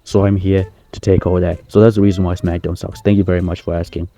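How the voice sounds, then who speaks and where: A man's voice: sits low, level tone, fast, dark tone. A man playing a boastful male wrestling star who rambles through a comedy press conference. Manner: cocky, rambling, self-praising. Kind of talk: comedy sketch.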